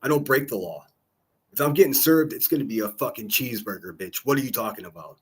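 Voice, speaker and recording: Husky, profane livestream host. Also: male voice, mid-range voice, expressive, fast talker, a bit bright. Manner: profane, combative, mocking. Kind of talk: ranting livestream chat.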